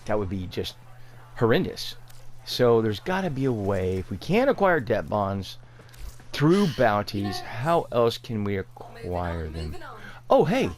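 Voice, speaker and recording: A man giving sarcastic, incredulous commentary over gameplay, ranting with exasperation. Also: on the low side. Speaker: gaming video creator.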